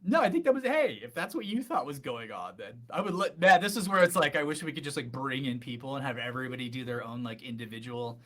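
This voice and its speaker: Enthusiastic co-host, bright tone, very animated. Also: mid-range voice, fast, few pauses. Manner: enthusiastic, laughing. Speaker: podcast co-host. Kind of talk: casual chat.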